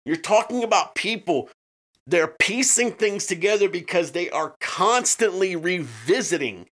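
A man's voice: high-pitched, lively intonation, measured pace, a bit bright. A man co-hosting a true-crime podcast in casual chat, swearing often and restarting his sentences. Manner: profane, with frequent restarts and fillers. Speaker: podcast co-host.

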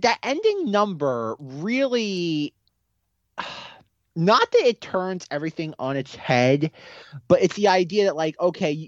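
A man's voice: on the high side, no echo, highs cut off. A man co-hosting a casual film podcast, hesitant and skeptical, stopping and restarting his thoughts. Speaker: podcast co-host.

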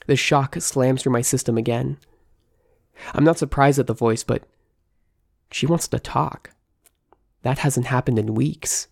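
A woman narrates a first-person story with a tense, measured delivery. Her voice is gravelly with a mellow, dark tone, and the recording is dry and close. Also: a bass voice, no room sound. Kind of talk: first-person fiction reading.

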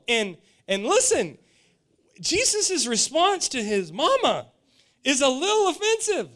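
A man's voice: very high-pitched, big pitch swings, a little slow, a bit bright. A man in his forties preaching a sermon, telling stories with animation and often repeating words.

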